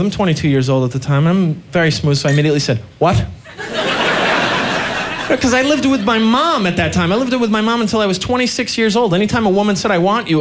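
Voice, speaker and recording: A man performing a stand-up routine, telling self-mocking stories in an animated way. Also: high-pitched, background noise. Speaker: stand-up comedian.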